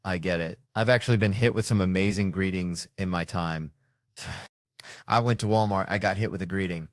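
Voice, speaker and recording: A man's voice: low voice, moderate pace, no room sound, clean studio sound. A man doing stand-up, telling a profane story and acting out the people in it. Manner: animated, profane, acts out characters. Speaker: stand-up comedian.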